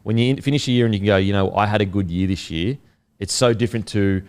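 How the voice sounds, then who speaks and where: A man's voice: fairly low pitch, fast, darkish tone, smooth. A man in his thirties hosting a casual interview, chatty and reflective, calling his guest "mate". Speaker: podcast host.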